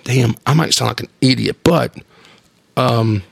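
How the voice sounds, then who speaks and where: A man's voice: mid-range voice, measured pace, vocal fry, breathy edge, dry recording. A man, hosting a casual solo monologue, rambling and enthusiastic with casual swearing. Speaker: podcast host.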